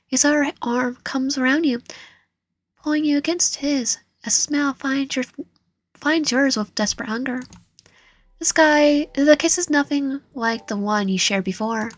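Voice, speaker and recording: A woman's voice: high voice, normal speed, no echo. A woman reading a romance visual novel aloud, with frequent slips and self-corrections. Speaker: gaming channel host.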